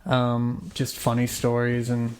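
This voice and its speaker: A man's voice: mid-range voice, monotone, slow pace, darkish tone. A man with a general Australian accent, chatting animatedly as a podcast co-host. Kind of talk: casual chat.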